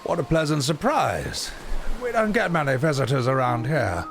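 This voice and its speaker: A man voicing a frail dying old man in a video game playthrough, with soft, hesitant, old-fashioned politeness. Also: mid-range voice, big pitch swings, normal speed. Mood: courteous. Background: game music.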